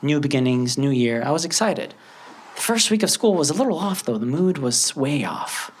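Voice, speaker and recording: Animated male stand-up comedian from Lebanon. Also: on the high side, moderate pace, slightly rough. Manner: animated storytelling with acted-out voices. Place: stage before a live audience.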